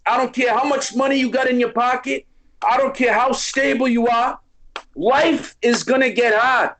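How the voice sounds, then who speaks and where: A man's voice: very high voice, steady tone, moderate pace, a bit bright, slight background noise, low-quality recording. A middle-aged man with a Boston accent, a podcast guest talking in a streetwise, preachy way and often asking "you know what I mean?". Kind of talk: casual chat.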